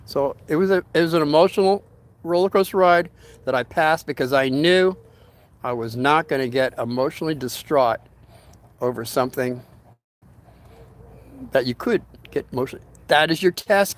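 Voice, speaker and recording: A rambling, folksy older man hosts a casual storytelling livestream. His voice sits a touch higher than most men's. He drifts between his tale and greeting viewers by name as their comments come in. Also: moderate pace.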